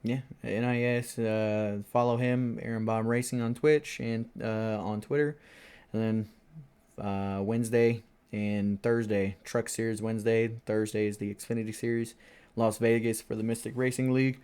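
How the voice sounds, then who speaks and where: A man's voice: fairly low pitch, steady tone, moderate pace, darkish tone, clean tone. A man hosting a casual racing podcast, talking loosely with lots of fillers and laughing at himself. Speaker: podcast host and sim racing driver. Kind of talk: casual chat.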